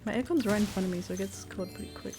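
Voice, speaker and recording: A woman's voice: medium pitch, very fast. A woman streamer chatting casually and laughing as she plays a video game. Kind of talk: casual gameplay commentary. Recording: game music behind.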